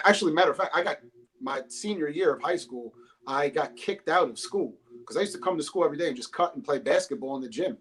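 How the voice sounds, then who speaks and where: Profane, easygoing man telling stories. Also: medium pitch. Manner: loose, profane storytelling. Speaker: podcast guest, rapper and English teacher. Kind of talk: casual podcast chat. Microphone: phone.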